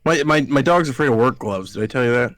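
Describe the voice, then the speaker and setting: A man's voice: medium pitch, expressive, fast, fairly bright tone, no echo. A man from Alabama co-hosting a podcast, telling rambling, profane stories in casual chat and acting out other people's lines. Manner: profane, rambling storyteller who acts out quotes. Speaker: podcast co-host.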